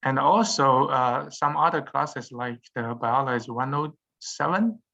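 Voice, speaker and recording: A man's voice: medium pitch, vocal fry, pushed and bright. Hesitant male lecturer, dull lo-fi sound. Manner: halting, frequent "uh" fillers and restarts. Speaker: university lecturer. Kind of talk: classroom lecture.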